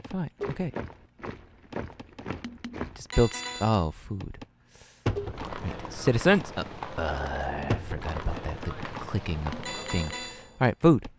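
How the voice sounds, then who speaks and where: A man's voice: low voice, sing-song, unhurried, over music. Flustered young man narrating a strategy game. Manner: flustered, self-deprecating, thinks out loud with many fillers. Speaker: gaming channel host. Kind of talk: casual let's-play commentary.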